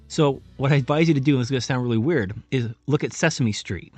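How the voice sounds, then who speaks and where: A man talking straight to camera in an unscripted commentary, giving earnest advice and shifting his delivery to stay animated. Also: mid-range voice. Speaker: YouTube commentator.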